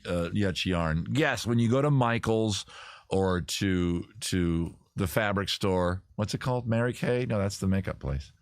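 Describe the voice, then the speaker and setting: A man hosting a livestream from home, riffing on viewer questions in a rambling, crude, deadpan absurd way. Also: fairly low pitch, a little slow, no room sound, studio quality. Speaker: host. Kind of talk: improvised comic livestream answering viewers.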